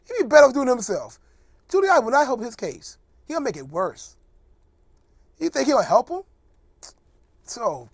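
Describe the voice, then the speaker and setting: A man talking in a loose, rambling comic monologue, his pitch swooping up and down as he jokes and mocks. He laughs often, and his voice sounds close and dry with no room echo. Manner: joking, mocking, laughs often. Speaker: host. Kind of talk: casual comedic monologue.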